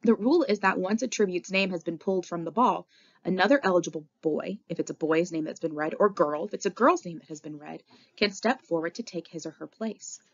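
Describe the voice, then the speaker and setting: A woman narrates a novel in the first person with a low voice and a gravelly edge. Her reading is expressive and dramatic, and the recording sounds dull and lo-fi. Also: brisk. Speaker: audiobook reader. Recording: dull lo-fi audio.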